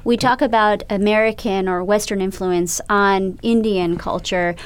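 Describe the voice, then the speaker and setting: Lady radio host asking pointed questions, smooth clear voice. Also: medium pitch, fairly even intonation. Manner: measured, probing questions. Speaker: radio show host, interviewer. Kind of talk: interview and narration.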